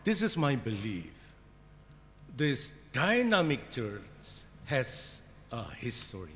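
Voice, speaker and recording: A man with an Indonesian accent delivers an academic lecture, halting and full of fillers and restarts. He speaks at an unhurried, deliberate pace. The voice carries a long hall reverb over faint background ambience. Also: medium pitch, big pitch swings, fairly bright tone, a little hiss or hum. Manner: hesitant, many fillers and restarts. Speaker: conference keynote speaker. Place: conference hall.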